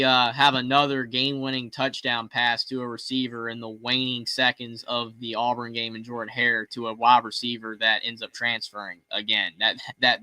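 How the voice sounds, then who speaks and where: A man co-hosting a sports call-in show, rambling excitedly and often restarting his sentences. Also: mid-range voice, dry recording, rough recording. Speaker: co-host of a fan call-in show. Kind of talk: casual sports talk.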